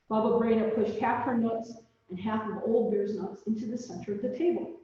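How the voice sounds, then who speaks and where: A woman's voice: on the high side, a little fast, slight background noise. Woman reading a story in an echoey hall. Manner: gentle, expressive storytelling. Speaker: storyteller at a church service. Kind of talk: reading a children's story aloud. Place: large echoey church hall. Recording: distant, dull, echoey hall recording.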